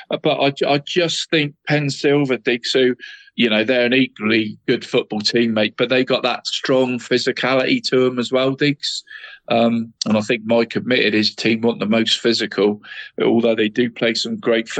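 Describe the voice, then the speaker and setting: A man co-hosting a relaxed football chat, talking at a middling pitch. He sprinkles "mate" through every sentence and trips over his words before getting them out. The sound is dry and close, with no room around it. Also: no echo, low-quality recording. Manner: chatty, keeps adding "mate", stumbles and restarts words. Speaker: football podcast co-host.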